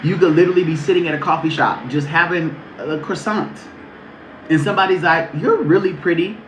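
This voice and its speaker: Man, fairly high voice, sassy and profane, livestream spiritual reading, echoey room. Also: brisk, fairly bright tone, slight background noise. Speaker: spiritual reader.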